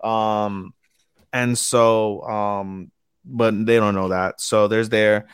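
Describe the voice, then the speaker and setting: A man's voice: fairly low pitch, level tone, very slow, smooth, dry recording, studio quality. A man co-hosting a podcast in casual chat, rambling and swearing as he recaps an episode and hunts for names. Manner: rambling, profane, loses names mid-sentence. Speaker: podcast co-host.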